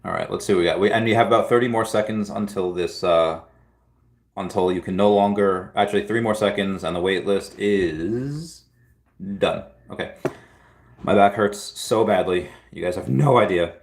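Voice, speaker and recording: Male livestream host, a bit low-pitched, loose and rambling delivery with frequent restarts. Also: normal speed, gravelly, a little hiss or hum. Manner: rambling, restarts and repeats words. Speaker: livestream host answering chat. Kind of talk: casual livestream chat.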